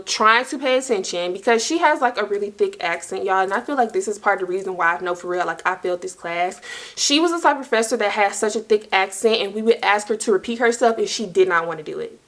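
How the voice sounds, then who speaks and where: A woman's voice: mid-range voice, fairly quick, fairly bright tone. A young woman casually telling a personal story to her viewers, chatty and slangy, full of asides to the audience. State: dry mouth. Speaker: storytime vlogger.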